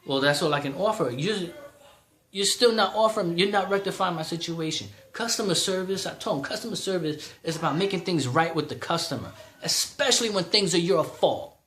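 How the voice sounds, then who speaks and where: A man's voice: high voice, fairly quick, a bit bright, echoey room. A man in his thirties ranting in a vlog, heated and exasperated, repeating himself. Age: 30s. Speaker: vlogger.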